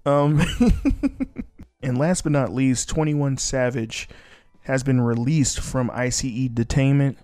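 A man's voice: medium pitch, fairly even intonation, takes it slowly, warm tone, no echo, clean studio sound. A man hosting a podcast on his own, ranting bluntly and casually with plenty of swearing. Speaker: podcast host. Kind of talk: casual solo commentary.

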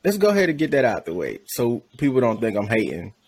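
A man's voice: medium pitch, huge pitch swings, quick pace, a little mellow, slightly rough. Opinionated man in casual chat. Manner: opinionated, laughs often, trailing restarts. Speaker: guest co-host. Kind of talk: casual podcast film review chat.

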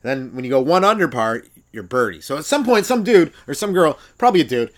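A man, a comedian hosting his own podcast, riffing through a stand-up monologue, swearing freely and breaking into loud exaggerated voices. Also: a little high, big pitch swings, fast. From Canada.

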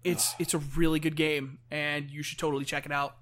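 A man in a casual chat, talking excitably and peppering everything with "like". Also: fairly high pitch, fairly quick. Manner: excitable, full of "like" fillers.

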